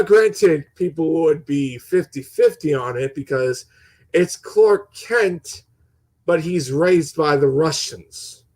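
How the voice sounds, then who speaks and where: A young gaming channel host with a slightly high, warm voice launches into a casual, passionate opinion rant. He rambles, stutters into restarts and swears, and the recording is rough.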